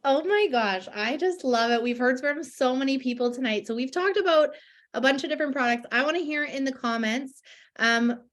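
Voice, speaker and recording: Upbeat woman host, higher voice. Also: moderate pace, fairly bright tone. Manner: upbeat, chatty, many fillers. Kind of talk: casual chat on a live stream.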